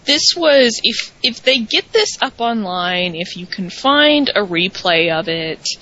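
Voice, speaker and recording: A woman's voice: mid-range voice, sing-song, slow, pushed and bright. A woman co-hosting a show, chatting casually and with enthusiasm, repeating words for emphasis. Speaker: podcast co-host. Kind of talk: casual wrestling recap chat. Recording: dull lo-fi audio.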